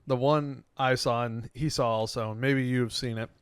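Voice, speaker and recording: A young man co-hosting a podcast in casual chat, telling stories with lively quoted voices and frequent laughs. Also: normal speed, smooth, no echo. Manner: animated storyteller, acts out quotes with sudden loud pitch jumps, laughs often. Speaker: podcast co-host.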